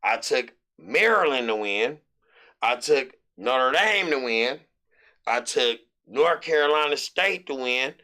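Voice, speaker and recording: A middle-aged American man hosting a sports betting show, rambling loosely through his picks with hype and shout-outs. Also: medium pitch, animated, takes it slowly. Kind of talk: casual sports picks monologue.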